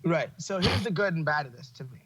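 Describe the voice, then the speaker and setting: A man's voice: fairly high pitch, animated, fast, fairly bright tone, poor audio. A man hosting a podcast in casual chat, swearing freely and laughing as he tells stories. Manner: profane, opinionated, laughs while telling stories. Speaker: podcast host.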